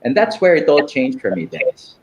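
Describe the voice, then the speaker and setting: A man in his fifties with a Filipino English accent, sharing a personal testimony in an interview, reflective and halting. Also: medium pitch, wildly swooping pitch, poor audio. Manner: slow and reflective, halting restarts, "diba" tags. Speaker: guest.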